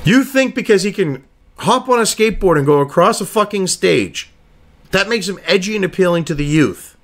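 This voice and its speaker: A man's voice: sits high, expressive, moderate pace. A man giving profane political commentary, ranting sarcastically and reading news excerpts aloud between crude asides.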